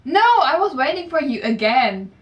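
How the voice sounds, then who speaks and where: A teenage girl tells a trip story in a casual, rambling chat. Her voice sits a little high. She sounds a bit away from the mic. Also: big pitch swings, normal speed, dull audio. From Germany. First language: German. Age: late teens. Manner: chatty storytelling, often restarts. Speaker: exchange-student vlogger. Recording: voice from a distant mic.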